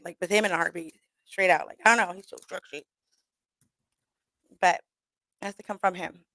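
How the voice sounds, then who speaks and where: A young woman rambles through stories on her radio show, laughing often and cursing freely as she acts out what people said. Her pitch sits in an ordinary middle range. The sound is close and dry, with no room behind it. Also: a bit bright, no echo. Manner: laughing often, swearing, storytelling with quoted asides. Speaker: radio show host and comedian. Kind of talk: casual rambling monologue. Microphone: studio microphone.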